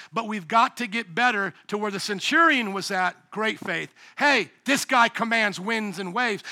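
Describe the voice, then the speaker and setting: A middle-aged man preaching a sermon in church, animated and shouting at the high points. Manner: animated, shouting at peaks, acts out voices. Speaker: pastor. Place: church sanctuary.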